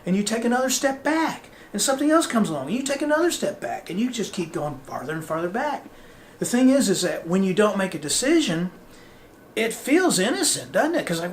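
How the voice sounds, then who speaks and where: A man's voice: sits high, a little fast, a little hiss or hum. A man hosting a podcast, giving a motivational talk and acting out the voices he quotes. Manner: animated, acts out quoted voices. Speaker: podcast host.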